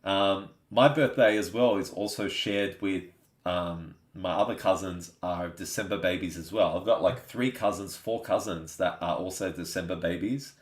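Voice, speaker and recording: A man's voice: deep voice, moderate pace. A man with an Australian accent, hosting a live stream in a laid-back, chatty way, reading out and answering viewer comments. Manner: chatty, laid-back, says "you know what I mean" often. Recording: echoey room.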